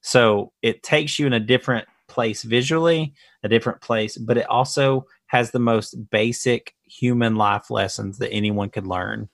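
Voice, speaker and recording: A man shares his thoughts on a film in an earnest, measured way, as one of the hosts of a casual podcast. His voice sits at an ordinary pitch and sounds dry and close to the mic. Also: vocal fry, no room sound. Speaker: podcast co-host. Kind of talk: casual film review chat.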